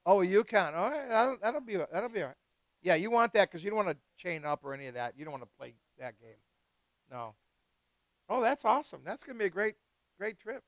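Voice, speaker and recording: High-pitched guy chatting up guests at a wine tasting, dry close sound, loose and excitable. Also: dry recording. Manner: chatty, exclamatory, swears casually. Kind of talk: casual chat with guests. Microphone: live stream mic.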